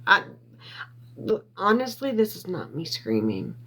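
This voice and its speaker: A woman livestreaming from her phone, reading viewer comments, getting worked up and loud, repeating herself and defending her character. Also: lowish voice, wildly swooping pitch, a little slow, breathy edge. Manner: reads and answers viewer comments. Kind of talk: emotional livestream chat.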